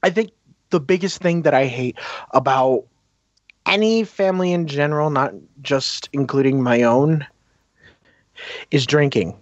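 A man's voice: a little high, unhurried, long pauses, dry recording, lo-fi sound. A young man ranting in a casual chat, swearing often and filling gaps with "like". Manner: ranting, swearing, lots of filler words.

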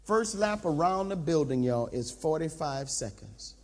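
A man preaching and telling a comic story, talking straight to the crowd in an animated way. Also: fairly high pitch, measured pace. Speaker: pastor. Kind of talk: humorous sermon storytelling. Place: large camp tent. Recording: long reverb in a large camp tent.

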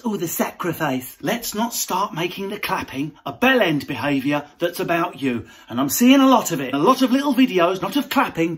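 A man's voice: sits high, slightly rough. A man, a comedian, delivering a brash, sweary, mocking comic rant.

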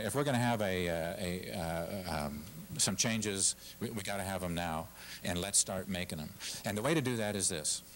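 Passionate, low-voiced man giving a speech. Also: slight background noise, poor audio. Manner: passionate, emphatic, repeats himself. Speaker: guest speaker. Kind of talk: public speech at a civic forum. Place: lecture hall with audience.

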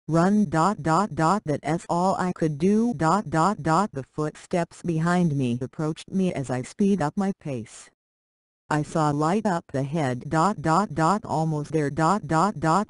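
Slow, even story reader who speaks punctuation marks aloud, dry close sound. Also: mid-range voice, dry recording. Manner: reads punctuation aloud literally. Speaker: narrator. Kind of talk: scripted story narration.

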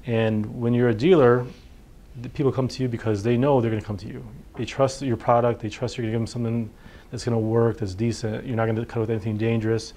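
A fast-talking doctor with a warm, mid-range voice and level tone delivers an informal lecture on addiction at a workshop. He keeps it conversational, leans on fillers, and plays out his patients' lines.

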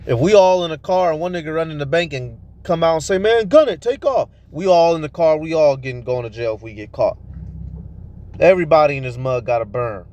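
A man's voice: fairly high pitch, a little mellow. Fiery, profane man preaching. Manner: heated, profane, fast rhetorical questions. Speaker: street preacher vlogger. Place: at a tire shop, near a vehicle.

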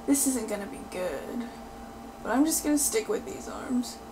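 A woman giving live gameplay commentary, excitable and loudly pleading and cheering at the game as she plays. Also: on the high side, normal speed, background noise. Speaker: gaming video creator.

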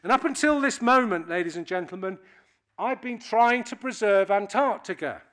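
A man's voice: sits high, animated, normal speed, a bit bright. A man in his sixties from Britain, giving a public speech to an audience and telling wry, anecdotal stories. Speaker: keynote speaker.

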